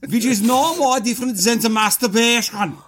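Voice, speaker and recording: A man's voice: extremely high pitch, moderate pace, crowd noise, pitched above the performer's own voice. A man voicing a pompous German philosopher in a put-on German accent, lecturing with rhetorical asides on a comedy podcast.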